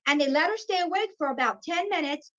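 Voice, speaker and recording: A woman in her fifties telling a personal story in an animated way, acting out what people said. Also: high voice, fast. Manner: animated, acts out quoted voices. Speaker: guest. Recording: dull lo-fi sound.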